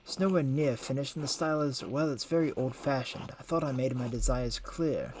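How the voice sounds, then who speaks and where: A man's voice: mid-range voice, brisk, a little mellow, slight background noise, close to an everyday voice. A man voicing a proud noble baron who is displeased with commissioned work in a video game. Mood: demanding. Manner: demanding.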